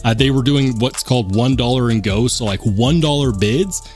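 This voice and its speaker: A man's voice: medium pitch, normal speed, a little mellow, soft background music. A man hosting a casual live stream, reading the chat aloud and joking about himself in a plain, unaccented voice. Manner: chatty, reads chat aloud, self-mocking.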